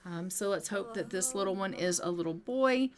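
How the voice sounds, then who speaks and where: Woman, casual game commentary, chatty, step-by-step narration, mid-pitched voice. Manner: chatty, narrates every step, voices the sims in quick asides. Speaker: gameplay narrator. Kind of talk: casual let's-play commentary.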